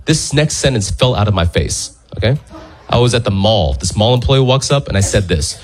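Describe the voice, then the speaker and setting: A man's voice: on the low side, moderate pace, slight background noise. A man performing stand-up, telling stories animatedly and slipping into voices. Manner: animated storytelling with put-on voices. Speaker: stand-up comedian. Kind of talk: stand-up set. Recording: live comedy recording, audience laughter. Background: audience laughter.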